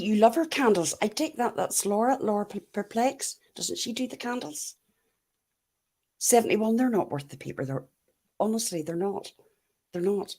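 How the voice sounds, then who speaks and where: A woman's voice: medium pitch, a little mellow. A middle-aged Irish woman chatting casually as she answers live comments, blunt and laughing often. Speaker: YouTube livestream host.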